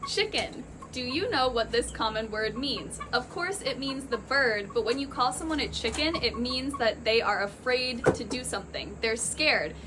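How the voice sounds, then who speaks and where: A woman teaching English vocabulary in short lesson clips, speaking slowly and clearly. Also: a little high, lively intonation, background noise. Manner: slow, clear, explanatory. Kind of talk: short English-tip reels.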